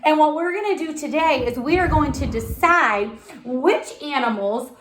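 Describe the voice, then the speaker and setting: A woman teaching an online lesson for young children, talking in a slow, sing-song, encouraging way as a preschool teacher. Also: high-pitched, fairly bright tone, a little hiss or hum.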